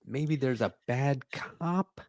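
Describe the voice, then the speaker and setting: A man's voice: mid-range voice, takes it slowly, darkish tone, no echo. Joking man in dry casual chat. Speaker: podcast co-host.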